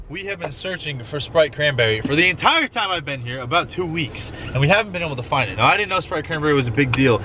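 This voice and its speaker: Young guy vlogging, rambly storyteller, voice jumps up and down a lot, bit of faint hiss. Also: medium pitch. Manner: rambling, lots of "like", animated retelling. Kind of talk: casual vlog storytelling.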